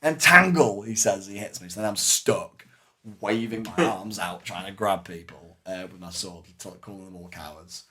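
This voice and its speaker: A man, a podcast co-host telling animated stories in casual chat and acting out shouted lines. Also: low voice, normal speed.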